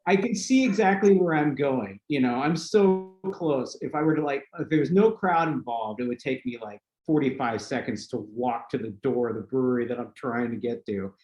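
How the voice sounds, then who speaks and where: A man hosting a podcast, telling a long story in a casual, animated way with lots of fillers and laughter. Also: mid-range voice, moderate pace, few pauses, lo-fi sound. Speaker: podcast host. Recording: roomy echo with faint noise.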